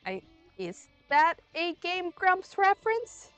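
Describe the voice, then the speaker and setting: A young woman who's a bit sick rambles through a game stream in a casual, playful way, taking it slowly. Her sing-song pitch swings widely and jumps to sudden loud bursts, soft music drifts faintly behind her, and there's no echo.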